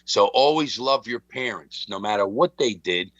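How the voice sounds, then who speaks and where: At normal speed, a middle-aged guest storyteller from Philadelphia speaks in a lowish, fairly bright voice. Chatting loosely and with animation, he performs the voices in his story, captured in a dry, slightly dull recording.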